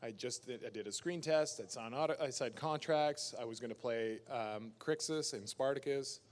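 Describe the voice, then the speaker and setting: Holding a mic at a fan convention panel, a man from Canada chats casually at normal speed in a medium-pitched voice. He's an animated storyteller, quick to laugh, whose voice rises sharply when he plays other characters.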